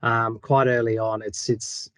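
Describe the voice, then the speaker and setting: A man's voice: medium pitch, level tone, measured pace, a bit bright, no echo. An Australian man answers interview questions over a video call. He talks hesitantly, with many ums and restarts. The sound is dry and close. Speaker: guest.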